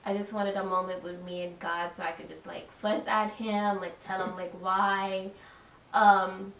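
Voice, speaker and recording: A young adult woman giving a reflective, soft-spoken personal testimony, often saying "like.". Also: medium pitch, little pitch movement, measured pace. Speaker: daughter giving her testimony. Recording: echoey room, distant mic, faint hiss.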